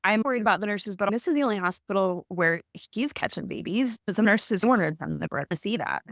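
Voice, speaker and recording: A woman's voice: medium pitch, normal speed. A woman in her thirties tells her story with animation, slipping into quoted voices as she goes. Her voice sits in the middle of the range for a woman. The sound is dry and close, with little room echo. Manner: animated, acts out quoted dialogue. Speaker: guest recounting her birth. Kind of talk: conversational storytelling.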